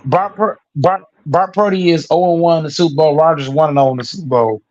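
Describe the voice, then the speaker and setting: A man's voice: on the high side, brisk, a little mellow, dull audio. A man hosting a heated sports debate panel, laid-back and stammering as he talks.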